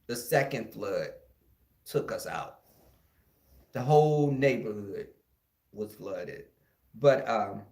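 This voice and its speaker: A man from Houston with a Texan accent, telling a childhood story in an animated, casual way to his listeners. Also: mid-range voice. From Houston, Texas. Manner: animated, addresses listeners as y'all, acts out the scenes. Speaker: podcast host. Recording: echoey room.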